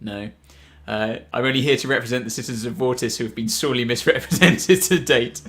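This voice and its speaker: Male livestream host, easygoing and chatty, laughs a lot, mid-pitched voice. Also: brisk, a bit bright. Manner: chatty, laughs often, many fillers and restarts. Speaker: podcast co-host. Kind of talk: casual livestream chat.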